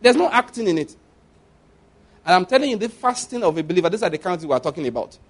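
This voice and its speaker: Man, preacher, conversational sermon, fairly high voice, repeats phrases, quiet then loud. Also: animated, quick pace. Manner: repeats phrases for emphasis, swings from soft to loud.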